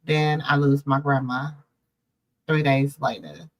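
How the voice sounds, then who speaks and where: A woman's voice: extremely low pitch, steady tone, takes it slowly, no room sound. A middle-aged woman hosting a show, telling a personal story in an emotional, preacherly way and calling listeners baby and y'all. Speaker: show host.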